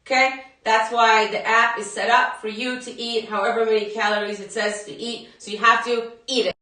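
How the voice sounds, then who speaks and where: A woman leads a live workout class in a casual, chatty way and laughs often. Her voice is bright and pitched a little high. It bounces around a very echoey room and sits some distance from the mic. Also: flat delivery, normal speed, few pauses. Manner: chatty, laughing, talks straight to viewers. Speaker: fitness instructor.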